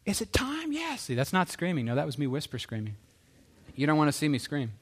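A middle-aged man preaching a sermon, animated, asking rhetorical questions and acting out quoted voices. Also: medium pitch, fast talker.

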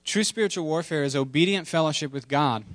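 A man's voice: on the high side, fairly quick, dry recording. A man preaching a sermon in a conversational, humorous way, with playful asides and emphatic repetition. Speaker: pastor.

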